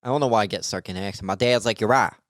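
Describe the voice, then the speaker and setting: A man's voice: on the low side, quick pace, no room sound, clean studio sound. Sarcastic rambling podcast comedian, man. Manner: rambling, sarcastic, stumbling restarts. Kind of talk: solo stand-up podcast monologue.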